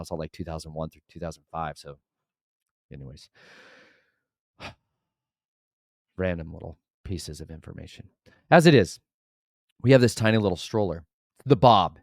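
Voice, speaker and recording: Rambling, sleep-deprived man with a low voice. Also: no room sound, clean studio sound. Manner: rambling, jumps between topics with sudden loud bursts. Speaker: vlogger and father of twins. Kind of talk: casual monologue.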